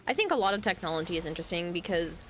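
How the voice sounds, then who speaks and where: A woman's voice: fairly low pitch, expressive, rapid-fire, a bit bright, slight background noise. Tired woman streamer chatting casually. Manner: reads chat aloud and muses on technology. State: tired, yawning. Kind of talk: casual live-stream chat.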